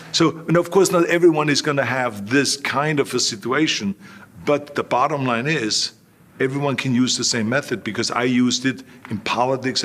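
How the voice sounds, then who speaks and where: An older man tells stories as an interview guest, his voice sitting at an ordinary middle pitch. He talks in a lively way, slipping into the voices of the people he quotes. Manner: animated anecdotes, acting out quoted lines. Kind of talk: storytelling in an interview.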